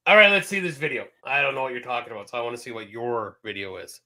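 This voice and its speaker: A man co-hosting a podcast in casual chat, animated and laughing often, slipping into quoted voices. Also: mid-range voice, fast talker, vocal fry. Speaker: podcast co-host.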